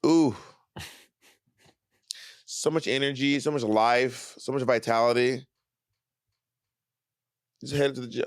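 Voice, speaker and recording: A man in his thirties co-hosting a podcast, chatting casually with a playful, teasing manner and drawn-out emphasis. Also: mid-range voice, fairly even intonation, no echo, clean studio sound. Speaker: podcast co-host. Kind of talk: casual chat.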